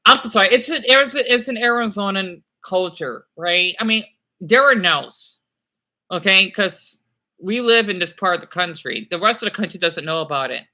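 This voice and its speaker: A man's voice: sits high, lively intonation, normal speed, bright, forceful tone. A young man chatting to viewers on a livestream, rambling and apologetic, with many halts and fillers. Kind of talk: rambling live chat with viewers.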